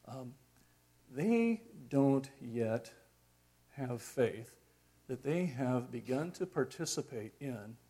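Male preacher, middle-aged, husky and unhurried, reflective sermon delivery with frequent pauses. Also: medium pitch, a little mellow. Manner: reflective, conversational, many pauses and fillers.

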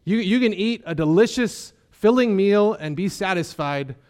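A man's voice: high-pitched, lively intonation, normal speed, a little mellow. A man preaching a sermon, earnest and emphatic, often asking his listeners rhetorical questions. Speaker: pastor.

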